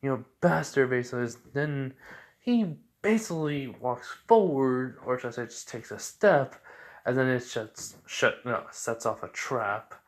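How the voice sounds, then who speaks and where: A man improvising a fan-fiction retelling, rambling along with constant fillers and corrections. His pitch sits squarely in the middle range, relaxed and unscripted. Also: unhurried. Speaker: storyteller.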